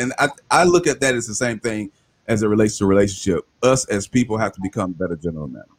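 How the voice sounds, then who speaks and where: Lively, playful male podcast host. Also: fast talker. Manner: playful, joking, drops his voice low for effect. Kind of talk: casual interview chat.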